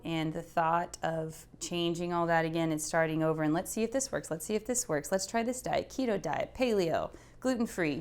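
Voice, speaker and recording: A young woman recounts a hard personal story in a low, smooth voice. She talks haltingly, often stopping to find words. At moments she grows tearful. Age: young adult. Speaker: patient telling her story. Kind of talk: emotional personal testimony.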